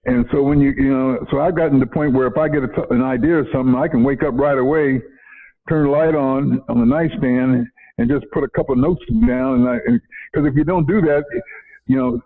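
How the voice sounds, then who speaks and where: A retired educator, now an older man, rambles in a casual interview, repeating words and chuckling often as he tells his stories. His mid-range voice carries vocal fry and runs fairly quick. The recording has a narrow, phone-like quality.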